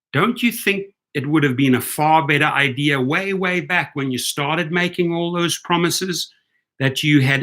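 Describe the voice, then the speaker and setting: A man's voice: medium pitch, a bit bright. A man hosting a rideshare commentary stream, sarcastic and heated as he reads and rants. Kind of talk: live-stream rant.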